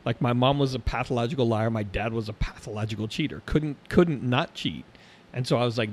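A middle-aged man co-hosting a casual chat, animated and quick to jump into high-pitched impressions when quoting people. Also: a little hiss or hum.

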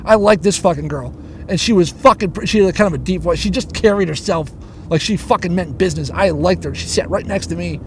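Man, high-pitched, profane rambling storyteller, recorded in a car on a handheld recorder. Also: fast talker, a little hiss or hum. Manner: swears constantly, rants, restarts and digresses. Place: inside a car stuck in traffic.

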